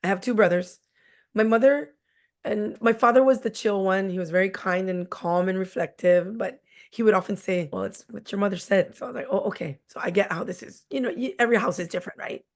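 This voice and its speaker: Blunt, lively woman teacher. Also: mid-range voice, fairly quick. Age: 40s. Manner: blunt, animated, jokey. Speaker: teacher, guest. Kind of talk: candid conversational storytelling.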